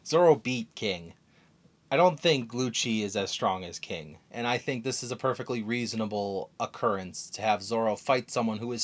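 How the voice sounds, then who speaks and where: A man chatting through a comic chapter recap with a lively, swinging pitch. He rambles, corrects himself mid-sentence and keeps the tone casual throughout. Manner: animated, rambling, self-correcting.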